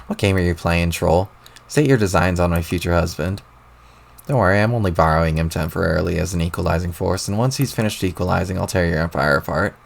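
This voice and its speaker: A man voicing a scheming young woman rival in a low, flat, menacing tone. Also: fast talker, gravelly.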